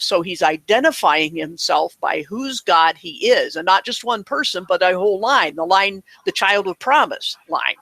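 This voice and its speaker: High, bright-voiced man explaining at length. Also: normal speed, no room sound, rough recording. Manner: earnest, explanatory, with restarts. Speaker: guest answering questions. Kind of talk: casual online talk.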